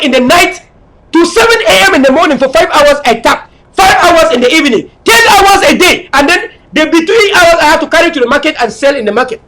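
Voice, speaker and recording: A middle-aged man with a Cameroonian English accent, giving an impassioned political speech, fiery and often shouting. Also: extremely high pitch, expressive, a little fast, noisy background. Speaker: political leader.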